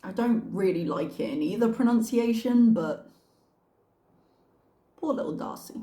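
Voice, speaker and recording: A woman's voice: mid-range voice, lively intonation, unhurried, warm tone. Wry woman hosting a reaction commentary. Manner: wry, sarcastic asides. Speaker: reaction channel host. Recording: echoey room.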